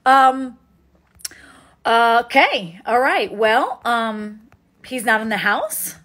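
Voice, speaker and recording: A woman in her thirties chatting casually on a livestream, excitable and emotional, laughing often. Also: on the high side, takes it slowly. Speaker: livestream host. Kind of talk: casual live chat.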